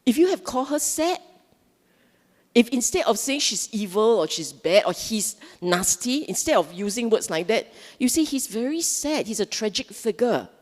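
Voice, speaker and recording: Woman, Singaporean English accent, dharma talk, very lively pitch, echo of a long hall. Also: moderate pace. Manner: lively, animated, asks the audience questions. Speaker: Dhamma speaker. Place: Buddhist centre hall.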